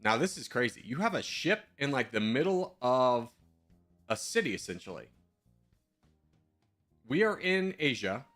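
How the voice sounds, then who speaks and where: A man's voice: medium pitch, big pitch swings, unhurried, pauses often, fairly bright tone, faint music behind. A male streamer in casual live-stream commentary, thinking aloud in a chatty, self-mocking way.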